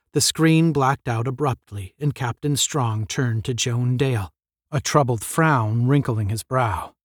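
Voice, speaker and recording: A man's voice: medium pitch, dry recording. Man reading a story aloud, dry close sound. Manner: measured, storytelling. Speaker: narrator. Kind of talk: audiobook narration.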